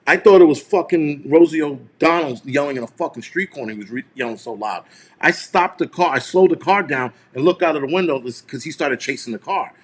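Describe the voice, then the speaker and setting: A man's voice: a little high, lively intonation, moderate pace. A man hosting a live stream, retelling a tense encounter in a heated, profane, rambling way. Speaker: show host.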